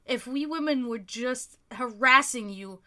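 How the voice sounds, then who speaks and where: A woman's voice: a little high, pushed and bright. A European woman hosting a livestream, ranting heatedly with lots of swearing in casual talk. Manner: profane, heated, fast ranting. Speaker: livestream host.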